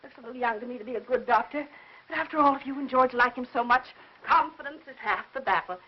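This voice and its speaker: An actress playing a fussy, chattering older aunt who meddles and prattles on, in 1950s film acting. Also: female voice, sits high, fast, breathy edge. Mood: prattling. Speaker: busybody aunt. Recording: muffled old film soundtrack with faint hiss.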